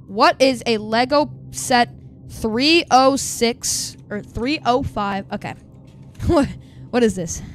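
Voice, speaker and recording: A game streamer with a high, young-sounding voice talks casually to his audience and erupts now and then into loud, excited exclamations, with a faint hiss or hum in the audio.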